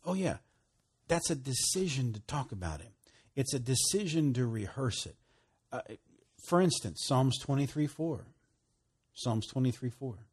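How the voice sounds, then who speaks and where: A man preaching a sermon, emphatic, moving between loud bursts and hushed, quiet lines. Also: medium pitch, expressive, a little slow, breathy edge. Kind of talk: sermon teaching.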